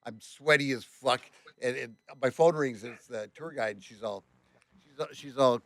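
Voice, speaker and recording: A man telling a story as a tour bus driver on a podcast, animated, swearing often and acting out the other voices. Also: mid-range voice, moderate pace, no echo. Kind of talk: casual storytelling.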